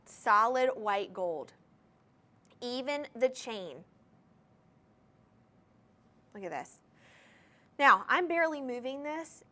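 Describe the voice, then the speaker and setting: An upbeat woman with a slightly high voice hosts a live jewelry sale on a shopping channel. She chats enthusiastically, talking directly to the viewers at home from a TV studio. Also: sharp tone. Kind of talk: live TV jewelry sales pitch. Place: TV studio with controlled lighting.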